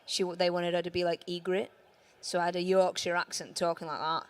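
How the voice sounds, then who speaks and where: A woman's voice: lowish voice, little pitch movement, fairly quick. A woman with a London accent, a voice actress on a conference panel, telling stories chattily and laughing often. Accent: London English. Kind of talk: casual panel chat.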